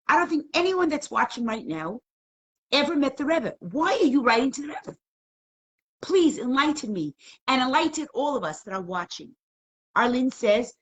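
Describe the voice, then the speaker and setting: A middle-aged woman leads a live online class over her computer mic. Her husky voice swings up and down in pitch as she tells a story. She turns emotional and keeps pressing the viewers with questions. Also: fairly bright tone. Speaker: Torah class teacher.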